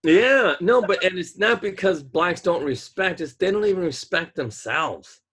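A man's voice: sits high, lively intonation, unhurried, fairly bright tone, slightly rough. A man co-hosting a casual podcast chat, talking emphatically and rambling, often stalling to hunt for a word. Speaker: podcast co-host.

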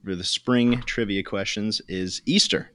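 A man's voice: fairly low pitch, fairly even intonation, unhurried, a bit bright. A man filling in as quizmaster on a trivia podcast, modest and a little hesitant as he reads out questions. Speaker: guest quizmaster. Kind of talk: casual chat, reading trivia questions.

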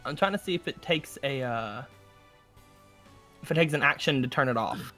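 Man, tabletop player, bright sharp tone, joking, repeats words, faint music. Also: medium pitch, animated, moderate pace. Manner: joking, chatty, repeats words while thinking. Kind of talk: casual tabletop play.

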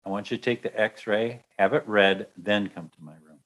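Man voicing a hushed, halting, apologetic surgeon; low. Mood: soothing. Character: apologetic male surgeon delivering bad news.

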